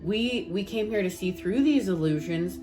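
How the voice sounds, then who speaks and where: A woman's voice: mid-range voice, expressive, normal speed, over music. A woman with a Canadian accent gives a casual spiritual talk to her viewers, earnest and repetitive, often calling them guys. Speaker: spiritual tarot reader.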